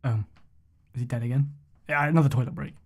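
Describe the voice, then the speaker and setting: A man's voice: mid-range voice, steady tone, fast talker, breathy edge. A man casually commentating a game on a live stream, joking and chatting to himself and his viewers.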